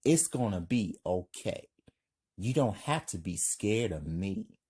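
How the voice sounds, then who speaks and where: A man voicing a calm, soft-spoken male killer with a husky voice, read as part of a story. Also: on the low side, slow pace, heavily acted. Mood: calm menace.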